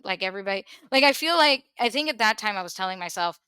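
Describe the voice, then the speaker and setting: A woman opens up in a candid podcast conversation, her voice bright and forceful. She circles back over her words, laughing wryly through the heavy moments. The sound is dry and close. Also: medium pitch, animated, fast talker, smooth, no room sound. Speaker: podcast host.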